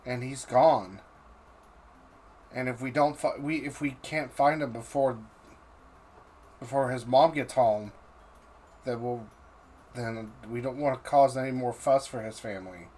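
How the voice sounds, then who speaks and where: A man runs a tabletop game as game master, talking in stops and starts, often restarting his sentences. His voice sits at an ordinary pitch, and a faint hum of noise runs underneath. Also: a little mellow. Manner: halting, with restarts and fillers.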